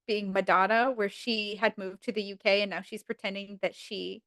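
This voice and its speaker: A woman's voice: mid-range voice, steady tone, moderate pace, fairly bright tone, dry recording. A woman guest on a podcast, animatedly retelling scenes and acting out the quotes in voices. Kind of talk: casual chat.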